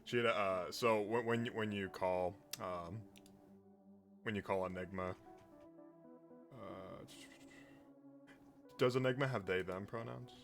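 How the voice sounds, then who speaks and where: A man's voice: on the low side, fairly even intonation, gravelly, a bit bright, faint music behind. Man, game master, tabletop game, casual, laughs easily. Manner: casual, laughs often, quick to joke.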